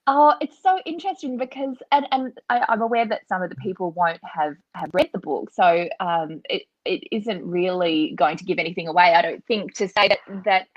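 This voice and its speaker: A woman, a guest author telling a family story in animated conversation over a video call, laughing often as she talks. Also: fairly low pitch, moderate pace, few pauses, no room sound, lo-fi sound.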